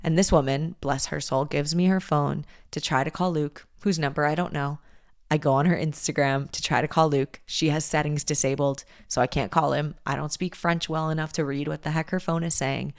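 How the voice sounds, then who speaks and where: A young woman hosting a podcast, telling a personal story in a candid, animated way and swearing freely. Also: deep voice, normal speed, no echo, studio quality. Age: young adult. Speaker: podcast host. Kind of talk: casual storytelling monologue.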